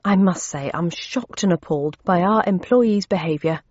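A woman's voice: fairly low pitch, normal speed, a little mellow, breathy edge, no echo. Woman doing a pompous blustery businessman guy, dull lo-fi sound. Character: pompous untidy male businessman. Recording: dull lo-fi audio.

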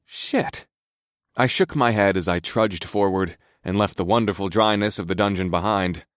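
Deep-voiced wry male audiobook narrator. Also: fairly even intonation, moderate pace, clear, resonant tone, no echo, studio quality. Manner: wry, grumbling, understated. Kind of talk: first-person fantasy narration.

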